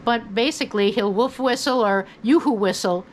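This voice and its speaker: An older woman who hosts her own channel, giving relaxed, folksy advice about parrots at home and chatting to her bird now and then. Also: on the high side, normal speed, a little hiss or hum, low-quality recording. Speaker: parrot owner and channel host. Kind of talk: casual advice talk. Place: indoors at home, by her bed.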